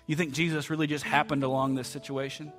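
A man preaching a heartfelt sermon in a church, often repeating words and dropping to a soft voice for quoted lines. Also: a little high, little pitch movement, quick pace, soft background music. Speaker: pastor. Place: church sanctuary.

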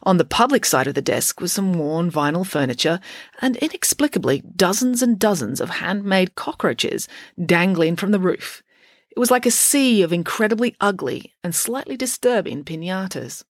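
A woman narrating a children's storybook with a wry, expressive reading. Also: on the low side, normal speed, no room sound, clean studio sound.

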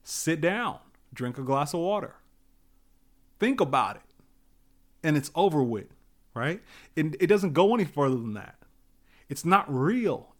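Lively, emphatic man giving a pep talk. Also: a little high. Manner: repetitive, emphatic, many fillers. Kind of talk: casual motivational talk.

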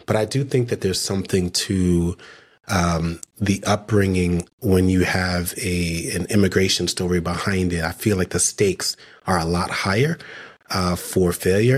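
A man's voice: low voice, fairly even intonation, measured pace. A man co-hosting a podcast interview, talking casually with many restarts and a teasing streak. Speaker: podcast co-host.

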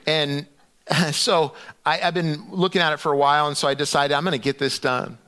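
A middle-aged man preaching a sermon in a conversational, animated storytelling way, often restarting his sentences. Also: fairly high pitch, moderate pace. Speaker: pastor.

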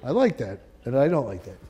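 A man preaching a sermon as pastor, swinging from loud emphatic peaks to soft asides. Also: mid-range voice, very animated, normal speed, husky, highs cut off. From northern United States.

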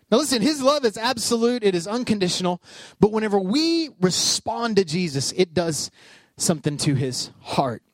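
A man preaching a sermon, animated and conversational, acting out voices and calling out to his congregation. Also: very high-pitched, no room sound. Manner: animated storytelling with acted-out voices, calls to the congregation. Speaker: pastor.

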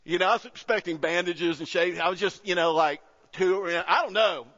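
A high-pitched pastor in his fifties preaches in a chatty, storytelling way that builds to emphatic high points. His voice rings through a large sanctuary with a long reverb. The sound is slightly dull and muffled. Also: normal speed, bright, forceful tone. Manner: conversational preaching, swelling to emphatic peaks. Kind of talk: sermon. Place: church sanctuary.

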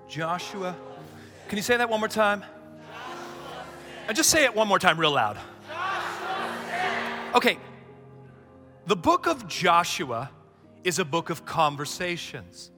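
High, bright-voiced preacher in a reverberant hall. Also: male voice. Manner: emphatic, call-and-response preaching that builds to shouts. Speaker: pastor. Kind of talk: sermon. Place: church sanctuary. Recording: long hall reverb, faint music behind.

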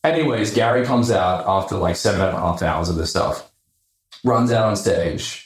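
An Australian man on a podcast tells his story in a casual, animated way. His voice sits low, and he throws in swear words and acts out other people's quotes as he goes. The room around him is echoey. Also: moderate pace. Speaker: podcast guest, entrepreneur.

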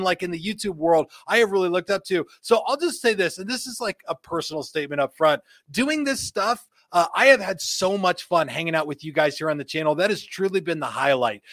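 An upbeat man hosts a live stream from his own studio, joking and laughing as he chats. His voice sits a little high, and the sound is very dry and close with no room echo. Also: a bit bright. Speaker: host. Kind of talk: live-stream chat, reading viewer comments. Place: home studio.

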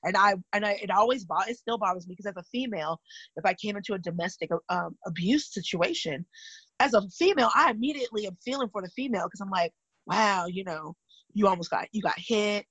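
A woman's voice: mid-range voice, quick pace, husky, dry recording, poor audio. A woman from California, in her thirties, telling personal stories candidly and animatedly in casual chat. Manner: candid, animated retelling with vivid asides.

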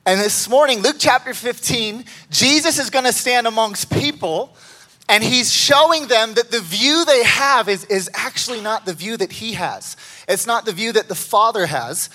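A man preaching a sermon as a pastor, telling stories with excited jumps in his voice. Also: normal speed. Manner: animated storytelling with excited pitch jumps.

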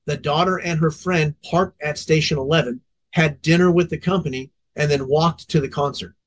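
Intense, profane veteran fire officer. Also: male voice, fairly high pitch, fairly even intonation, moderate pace. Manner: intense, profanity-laced storytelling. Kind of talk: candid podcast storytelling.

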